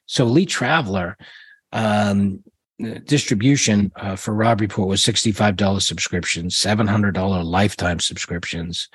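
A man's voice: lowish voice, normal speed, slightly rough, no room sound. A middle-aged man, a guest in an interview, telling rambling stories with many restarts and fillers. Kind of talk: casual interview storytelling.

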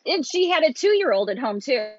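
A woman from Michigan, a guest and motivational speaker, telling her life story in an open, animated way and laughing often. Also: sits high, normal speed, no room sound. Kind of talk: conversational interview storytelling. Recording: dull lo-fi sound.

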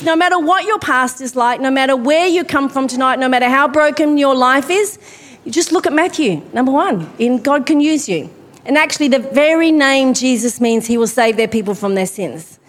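Female preacher with a high voice. Chatty and self-deprecating, recorded in a church hall with a long echo. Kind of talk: sermon.

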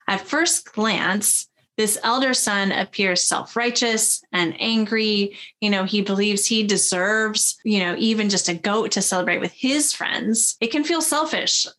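A woman's voice: mid-range voice, fairly bright tone. A woman pastor giving a sermon in a friendly, conversational manner, reading scripture and laughing easily.

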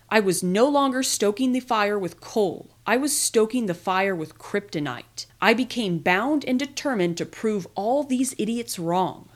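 Woman reading a memoir out loud, first person, lively and expressive, middle pitch. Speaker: podcast reader.

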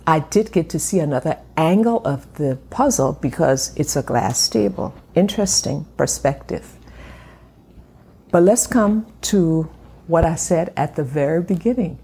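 A middle-aged woman hosting a faith podcast from her home, talking in an encouraging way and slowing down to stress her points. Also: low voice, lively intonation, mellow, breathy edge. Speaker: podcast host. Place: home room at a glass table.

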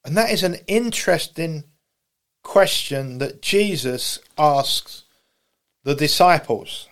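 A man's voice: on the high side, animated, takes it slowly, fairly bright tone. A man pastor preaching a sermon, building through repeated questions and refrains. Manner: preaching with repetitive rising questions.

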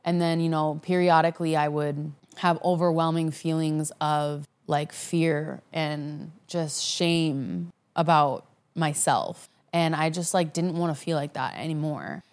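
A woman's voice: deep voice, fairly even intonation, a little slow. A woman vlogger candidly telling her personal story in a frank, conversational way, speaking from her apartment living room. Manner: frank and conversational, with frequent "like" and "you know".

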